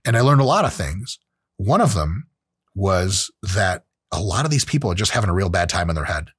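A husky-voiced man in his late thirties speaks frankly and profanely to his audience as the host of his own show. His pitch swings widely as he talks, and the recording sounds close and dry. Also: sing-song, fairly quick, dry recording. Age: late 30s. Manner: blunt and profane, with acted-out quotes. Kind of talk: casual solo monologue.

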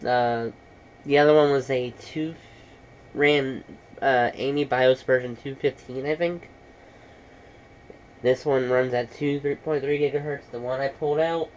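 A man's voice: medium pitch, steady tone, measured pace, pauses often, dull audio, a little hiss or hum. A man casually talking through a laptop repair in a how-to vlog, rambling and matter-of-fact. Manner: rambling, many fillers and restarts. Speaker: computer repair vlogger.

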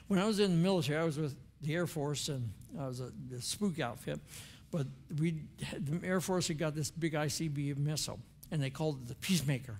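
A man's voice: on the high side, brisk. An older man preaching a sermon in a church, earnest and conversational, with prayers spoken aloud.

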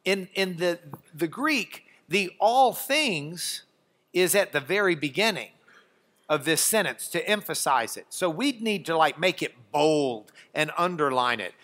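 A man teaching a Bible class, chatty and halting, with restarts and dry asides. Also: on the high side, very animated, bright, forceful tone. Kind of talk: classroom lesson with a guest.

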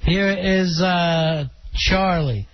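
A man's voice: sits high, fairly even intonation, very slow. A man hosting a talk radio show, chatting with callers in a wry, drawling way. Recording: dull lo-fi radio broadcast.

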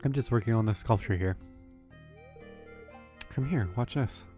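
A man voicing a young woman artist from a farming game, speaking softly and earnestly. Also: fairly low pitch, measured pace, faint music behind, lightly acted. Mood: friendly.

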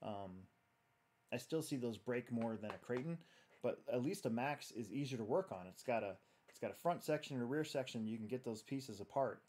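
A man's voice: mid-range voice, animated, normal speed, a little mellow, husky. A man hosting a casual livestream, chatting loosely and reading viewer comments while he works on a build. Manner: rambling, chatty, reads viewer comments aloud. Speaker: host.

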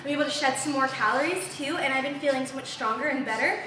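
In a noisy background, a young woman's high voice moves at a quick pace as she coaches a live workout, upbeat and cheering through the reps while out of breath. She's a fitness instructor on a large, empty home gym floor. The room is echoey and the mic is far away.

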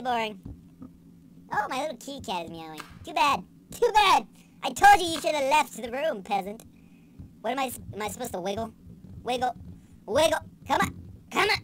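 A young woman giving casual let's-play commentary, excitable and sarcastic, swearing and yelling at the game. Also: high voice, normal speed, background noise. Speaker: gaming channel host.

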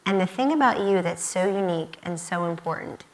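A woman's voice: on the low side, animated, fairly quick, rough recording. Emphatic woman addressing students. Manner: emphatic, repeats phrases for emphasis. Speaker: guest speaker. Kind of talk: conference talk to students. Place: university event stage.

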